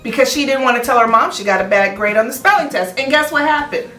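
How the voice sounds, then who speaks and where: A woman's voice: high voice, fast talker, pushed and bright, soft background music. Woman, children's church teacher, playful and teasing, echoey room, distant mic. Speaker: children's Sabbath school teacher. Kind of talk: casual chat with a child.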